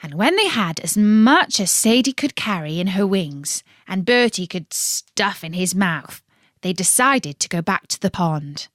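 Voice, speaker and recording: A woman reads a children's bedtime story in a slow, unhurried way. Her pitch rises and falls with lively expression, and the sound is dry and close. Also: no echo. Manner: warm, playful, expressive reading.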